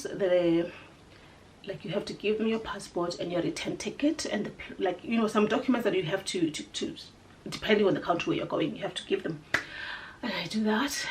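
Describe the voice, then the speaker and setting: Animated South African woman telling a story. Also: medium pitch, moderate pace, a little hiss or hum. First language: Sepedi. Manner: animated, swinging from loud exclamations to hushed asides; switches into Sepedi mid-sentence. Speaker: vlogger telling a personal story. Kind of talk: casual storytime chat.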